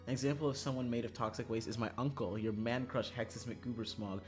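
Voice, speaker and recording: A game streamer chatting while playing a visual novel, swinging between loud rants and quiet mumbles, swearing freely and laughing often. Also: mid-range voice, fairly even intonation, fast talker, faint music behind.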